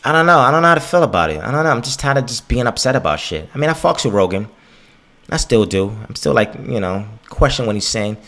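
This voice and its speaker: A man's voice: mid-range voice, quick pace. A man hosting a podcast, ranting casually and profanely and acting out other people's voices. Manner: profane, animated, acts out quoted voices. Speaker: podcast host.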